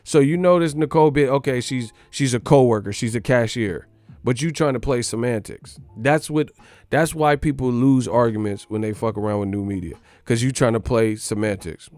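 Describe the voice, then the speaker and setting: A man's voice: mid-range voice, normal speed, darkish tone, dry recording. A cocky man ranting about boxing, talking brashly and swearing a lot. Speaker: boxing commentator. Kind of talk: profane ranting monologue.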